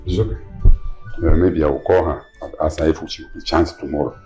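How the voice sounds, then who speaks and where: A man's voice: a bass voice, steady tone, brisk, dark tone, faint music behind. A man playing an anxious father who hesitates and stammers in a film drama. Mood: uneasy. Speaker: father of the daughter. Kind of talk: Nollywood film acting.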